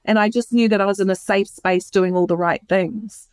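A woman's voice: mid-range voice, steady tone, normal speed, darkish tone, dry recording. A woman being interviewed, telling her own story in a candid, heartfelt way. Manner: earnest and heartfelt, with many restarts. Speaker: interview guest.

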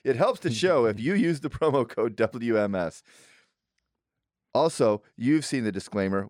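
A man reading a sponsor ad in a casual, deadpan way. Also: medium pitch, measured pace, no room sound, clean studio sound. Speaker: ad reader. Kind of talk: casual ad read.

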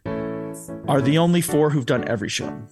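Animated man hosting a comedy chat. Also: on the high side, normal speed, music in the background. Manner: animated, laughing storyteller. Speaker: podcast host. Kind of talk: casual storytelling chat.

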